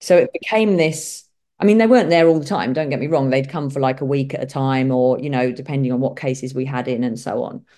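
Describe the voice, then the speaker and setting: Low-voiced woman with a Kent accent. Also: brisk, dark tone. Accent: Kent English. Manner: chatty storyteller, acts out quoted voices. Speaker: guest, vet. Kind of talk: casual interview chat.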